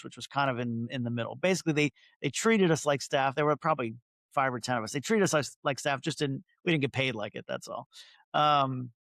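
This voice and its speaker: A man's voice: mid-range voice, gravelly, fairly bright tone, dry recording. A middle-aged man, a photographer, telling stories in a casual interview, chatty and self-interrupting, acting out quoted dialogue.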